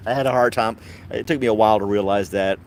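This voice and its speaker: A man's voice: lowish voice, fairly quick, a little hiss or hum. A man hosting a casual podcast chat, rambling and wry, laughing at his own jokes. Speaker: podcast host.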